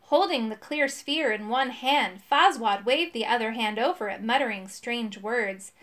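A woman narrates a children's chapter book aloud. Her reading is clear and steady, and her voice sits a little high. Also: a little slow. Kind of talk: audiobook storybook reading.

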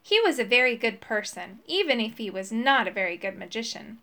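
A woman narrating a children's storybook in an expressive, storytelling manner. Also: fairly high pitch, brisk. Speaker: audiobook narrator.

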